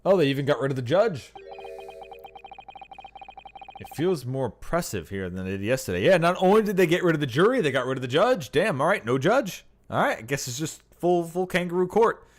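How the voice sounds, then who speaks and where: A man streaming a game, giving jokey, animated asides while reading it aloud. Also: on the high side, a little fast, a little hiss or hum. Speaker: let's play streamer. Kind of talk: casual gameplay commentary and reading aloud. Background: game music.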